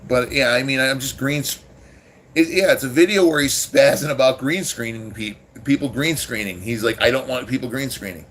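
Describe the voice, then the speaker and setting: A man's voice: medium pitch, moderate pace, fairly bright tone, slight background noise. A man hosting a casual livestream, rambling with many restarts and swearing freely as he talks to his chat. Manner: rambling, profane, irritated with chat. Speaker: livestream host.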